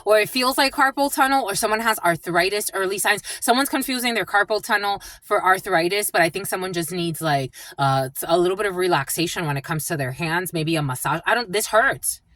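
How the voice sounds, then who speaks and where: A woman doing a channeled psychic reading, speaking in halting bursts and repeating single words as they come to her. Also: medium pitch, a bit bright, no room sound. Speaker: psychic reader.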